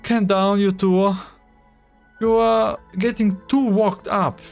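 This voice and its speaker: A man voicing a flustered female manager who hurriedly tries to calm an argument. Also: sits high, faint music behind, voice pushed up. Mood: placating. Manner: placating, hurried.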